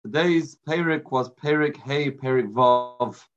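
A man giving a Torah class sermon, telling a story with dramatic pauses and Hebrew and Yiddish terms. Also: mid-range voice. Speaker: rabbi. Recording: lo-fi muffled recording.

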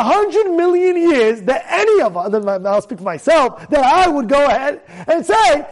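A man with a high voice teaches a Torah lesson as a lively story. He keeps firing repeated rhetorical questions at his listeners and suddenly gets loud at the big moments. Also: measured pace, few pauses.

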